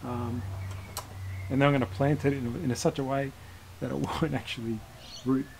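A man's voice: medium pitch, level tone, moderate pace, vocal fry, a little mellow, a little hiss or hum, rough recording. A man hosting a bonsai channel, talking casually through a hands-on demonstration, rambling and correcting himself with small chuckles as he works. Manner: rambling, self-correcting, chuckles while working.

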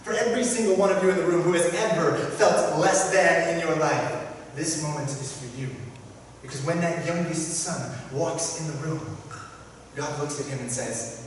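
A man preaching a sermon as pastor, emphatic, with repeated phrases and dramatic pauses. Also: on the high side, a little hiss or hum. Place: church sanctuary. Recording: echoey church hall from far off.

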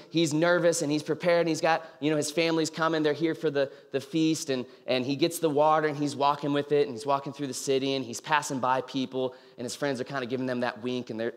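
A young man giving an informal sermon, telling the story casually with many fillers and acting out the people he quotes. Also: a little high. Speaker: campus ministry speaker. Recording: reverberant hall.

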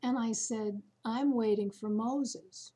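Woman vlogger, unhurried chatty storytelling, somewhat high, soft mellow tone. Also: fairly even intonation, slightly rough. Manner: slow, chatty storytelling with fillers. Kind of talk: casual chat to camera.

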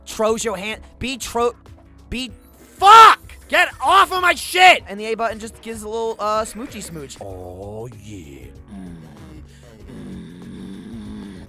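A man giving profane, comedic gameplay commentary, sarcastic and excitable, swearing constantly and bursting into shouts. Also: high voice. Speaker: video game commentator.

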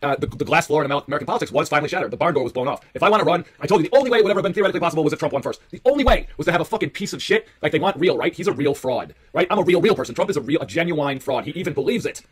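A man's voice: on the high side, lively intonation, very fast, hardly any pauses, slightly rough. A man in his forties arguing in a voice chat, combative, profane and boastful. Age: 40s. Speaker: chat room participant. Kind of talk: heated voice chat argument.

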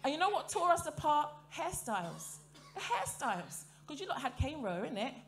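A woman's voice: high-pitched, sing-song, moderate pace. A woman performing stand-up comedy on a theatre stage, chatty and playful, often asking the crowd questions. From African heritage, grew up in Britain. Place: theatre stage before a live audience.

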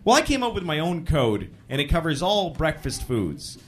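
A man performing a stand-up set on a live stage, talking conversationally with incredulous asides and sudden loud outbursts. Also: fairly high pitch, sing-song, moderate pace. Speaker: stand-up comedian.

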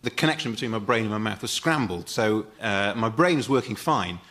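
A man with a mid-pitched voice tells a story on a comedy panel in a TV studio. His delivery is dry and deadpan, dropping in asides. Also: brisk. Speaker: panel guest. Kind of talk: telling an anecdote on a comedy panel.

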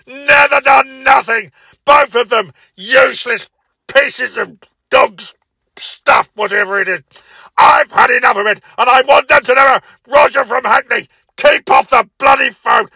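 An infuriated phone-in caller, acted by a man who stammers into his tirade and shouts it out in a very high, piercing voice with a gravelly rasp. The tone is sharp and harsh, and the recording is dry. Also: a little slow, dry recording, full character voice. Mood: furious. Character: furious male radio caller, middle-aged, hot-tempered. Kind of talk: comic phone-in sketch.

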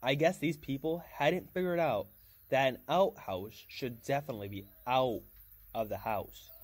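A man reads a novel aloud in a casual, first-person storytelling style, with small slips and restarts. His voice is mid-range and a little slow, with no room sound.

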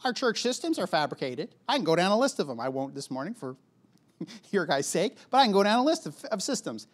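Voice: medium pitch, lively intonation, fast talker. A preacher giving a conversational sermon in a church, chatty and casual, repeating words for emphasis and acting out what other people would say.

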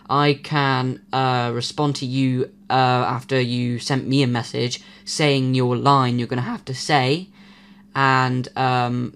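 A man's voice: medium pitch, clean tone. A man hosting his own channel, talking casually and rambling with many fillers while he loses his voice. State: losing his voice. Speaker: YouTube channel host. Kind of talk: casual vlog announcement.

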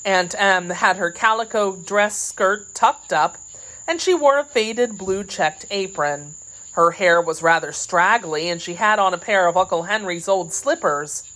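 A woman narrating a classic children's storybook in a measured, expressive way. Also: medium pitch, low-quality recording. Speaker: audiobook reader.

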